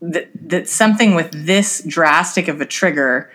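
A woman's voice: fairly low pitch, normal speed, a bit bright. A woman co-hosting a podcast, earnestly telling a personal story in a casual conversation. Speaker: podcast co-host.

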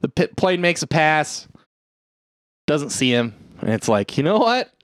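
A man's voice: fairly high pitch, unhurried, no echo, studio quality. A man co-hosting a casual podcast, retelling a film scene with lots of swearing and acted-out lines. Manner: animated, profane retelling with acted-out quotes. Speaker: podcast co-host. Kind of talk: casual chat.

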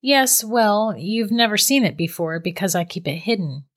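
A woman voicing a calm, teasing witch who holds a young man captive, speaking matter-of-factly in a storybook reading. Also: medium pitch, normal speed, voice pushed up, lightly acted. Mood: cool, teasing. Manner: calm, matter-of-fact and mocking. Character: cold, teasing middle-aged female witch captor.

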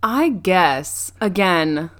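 A woman's voice: fairly low pitch, lively intonation, drawn-out words, a bit bright. A young woman co-hosting a podcast, casually recapping a movie's plot with frequent ums and restarts. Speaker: podcast co-host.

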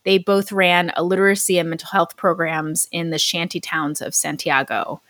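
Low-voiced woman telling a story on a podcast. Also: level tone, normal speed, fairly bright tone, dry recording. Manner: chatty, many "like" fillers. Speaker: podcast co-host. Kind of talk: casual storytelling chat.

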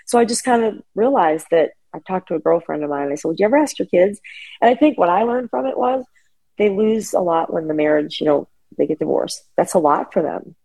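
A middle-aged woman speaks as an interview guest over a remote call, her voice low, gravelly and dark. She tells emotional family stories in an animated way, with many fillers and restarts. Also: fairly quick, rough recording. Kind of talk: personal storytelling in an interview. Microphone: remote call connection.

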